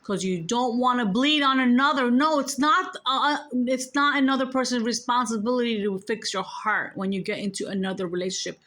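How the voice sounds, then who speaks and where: Bright-voiced, blunt New York woman. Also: on the high side, a little fast, hardly any pauses. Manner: emphatic, blunt, curses freely; repeats points, speaks straight to viewers. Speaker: spiritual storyteller. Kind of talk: casual spiritual storytelling to viewers.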